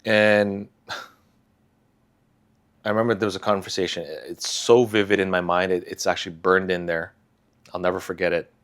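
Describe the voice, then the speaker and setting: Soft-spoken man with a low voice, halting. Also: flat delivery. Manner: soft, halting, with sighs and restarts. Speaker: vlogger sharing a personal story. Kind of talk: confessional personal talk.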